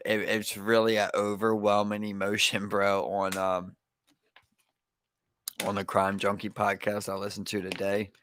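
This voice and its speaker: A man's voice: on the low side, completely flat delivery, unhurried, pauses often, a bit bright, dry recording. A young man with a Baltimore accent, telling a story casually on a podcast, rambling with many fillers and calling his listener "bro.". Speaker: podcast co-host.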